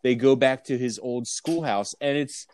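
A man's voice: mid-range voice, moderate pace, a little mellow, dry recording. Joking, profane man chatting about a movie. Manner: joking, profane, reads from notes. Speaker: podcast co-host. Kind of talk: casual movie-discussion chat.

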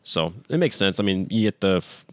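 Matter-of-fact man with a low voice. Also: lively intonation, brisk, a bit bright, dry recording, clean studio sound. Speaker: podcast co-host. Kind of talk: casual chat.

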